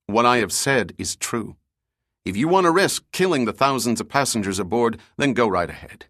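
A man voicing a calm, resolute male marine agent who speaks firmly and insistently. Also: medium pitch, normal speed, no room sound, clean studio sound. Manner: firm, level and insistent.

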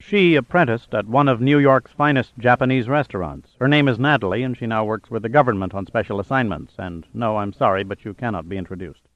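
A man's voice: on the low side, a little fast, few pauses, no room sound, dull audio, close to an everyday voice. A man voicing a blunt, frank American intelligence chief. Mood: stern. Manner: curt, frank.

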